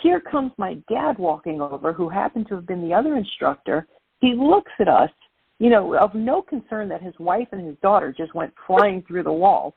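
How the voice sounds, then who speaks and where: Animated woman telling stories over a tinny line. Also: medium pitch, moderate pace, creaky, breathy edge, dry recording. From Brooklyn, New York. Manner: lively, animated storyteller. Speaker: guest. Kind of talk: interview storytelling.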